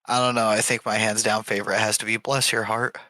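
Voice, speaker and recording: A man's voice: fairly low pitch, little pitch movement, fast talker, pushed and bright, dry recording. A man from Idaho co-hosting a podcast in casual chat, swearing heavily, laughing often and filling his talk with "like". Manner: heavy swearing, laughs often, rambling filler "like". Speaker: podcast co-host.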